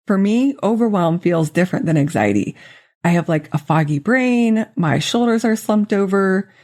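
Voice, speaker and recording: A woman life coach hosting a solo podcast, speaking in a gentle, earnest, reassuring way and slowing down on key phrases. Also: mid-range voice, animated. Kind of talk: solo podcast teaching talk.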